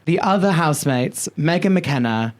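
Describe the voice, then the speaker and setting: Man, podcast co-host, animated storyteller, casual, swears a lot. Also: on the high side, normal speed. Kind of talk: casual chat. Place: podcast studio.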